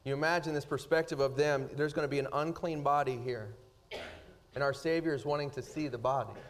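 A man preaching a sermon, swinging between loud, rising emphasis and hushed, slow passages. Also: on the high side, steady tone. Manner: dynamic preaching, rising loud then dropping soft. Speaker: pastor.

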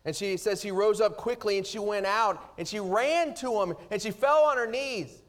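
A man preaching a sermon, swinging between loud, rising emphasis and hushed, slow passages. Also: high voice. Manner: dynamic preaching, rising loud then dropping soft. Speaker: pastor.

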